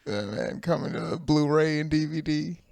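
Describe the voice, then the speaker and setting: A man co-hosting a podcast in casual chat, with dry jokes and quick quips. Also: a little high, vocal fry, a little mellow, dry recording. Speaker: podcast co-host.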